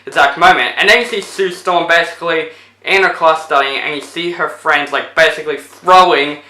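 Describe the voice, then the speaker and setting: A man's voice: fairly high pitch, moderate pace, bright, forceful tone, roomy sound, rough recording. A man casually retelling a movie plot as a reviewer, rambling with lots of fillers. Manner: rambling, full of fillers like 'basically'.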